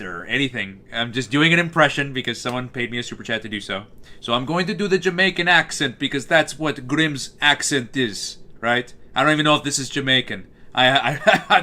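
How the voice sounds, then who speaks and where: Bright-voiced man chatting on a stream. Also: mid-range voice, moderate pace. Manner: rambling, reading chat aloud, many fillers and restarts. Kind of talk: casual live-stream chat.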